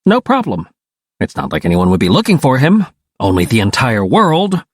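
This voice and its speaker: A man reading a first-person audiobook in a wry, animated storytelling manner. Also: mid-range voice, normal speed, husky, no room sound, studio quality. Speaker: audiobook narrator.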